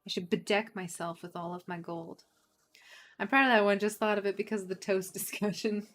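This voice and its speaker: A woman chatting casually with her viewers while she plays a game, playful and quick to laugh. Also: mid-range voice, fairly even intonation, slight background noise. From United States. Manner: chatty, playful, giggly, talks to chat. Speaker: game streamer. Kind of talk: casual chat while gaming.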